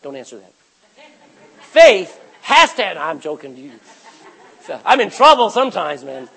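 A husky-voiced man in middle age preaching a sermon. His pitch sits high and rises and falls widely, and he breaks from quiet asides into sudden loud cries. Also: big pitch swings, moderate pace, rough recording. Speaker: pastor.

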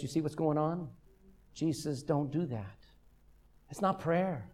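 A man's voice: a little high, measured pace, long pauses. An older man preaching a sermon as a pastor, telling stories with humor. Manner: humorous, lively storytelling.

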